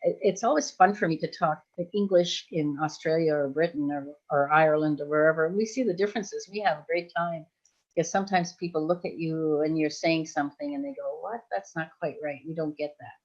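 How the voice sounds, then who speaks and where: A Belgian hypnosis trainer in her sixties chats casually on a livestream, her deep voice moving a little fast. She rambles and laughs often, and the lo-fi audio sounds dull.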